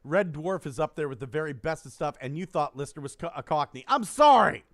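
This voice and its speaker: A man's voice: on the high side, fast, dry recording, clean studio sound. A man hosting a podcast, rambling through a story with lots of swearing and acted-out quotes. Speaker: podcast host. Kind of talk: casual chat.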